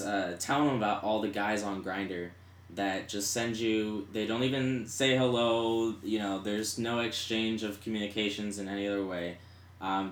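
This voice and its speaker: A young man from South Florida, a guest in a casual podcast interview, speaking hesitantly with many ums and a dry, sarcastic humor. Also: lowish voice. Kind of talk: casual chat. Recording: echoey room with loud hum.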